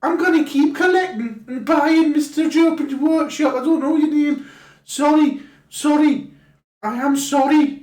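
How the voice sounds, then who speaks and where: Brief: jittery Scouse lad, high and loud, apologizing, echoey room, as a woman puts him on. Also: measured pace, recorded from a distance. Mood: flustered.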